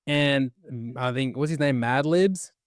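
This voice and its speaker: A man co-hosting a podcast, telling an anecdote excitedly with frequent restarts. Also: medium pitch, a little slow, no echo, studio quality. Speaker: podcast co-host. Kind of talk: casual anecdote.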